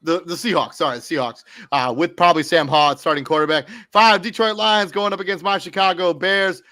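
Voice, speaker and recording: A man's voice: sits high, fairly even intonation, fairly quick, sharp tone, no room sound, studio quality. A man co-hosting a sports podcast, reading off fantasy football rankings in a loose, off-the-cuff way with fillers and self-corrections. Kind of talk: casual sports podcast talk.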